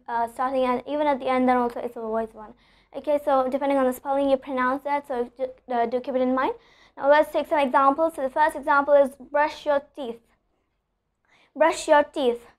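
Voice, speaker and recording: High-voiced woman teaching pronunciation. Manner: explanatory, repeats with "okay?", slows down for example sentences. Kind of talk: online English lesson.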